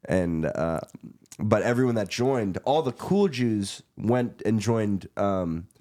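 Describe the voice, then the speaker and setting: A man's voice: on the low side, lively intonation, slow pace, warm tone. A young man in his twenties, a podcast guest telling rambling, joking anecdotes. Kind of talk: casual podcast chat.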